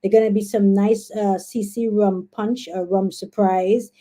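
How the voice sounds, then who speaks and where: A young woman with a Guyanese accent chats through a casual live stream, excitable and quick to exclaim. Her voice is mellow and warm, never sharp. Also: mid-range voice. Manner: chatty, excitable, laughs and exclaims often. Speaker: livestream host.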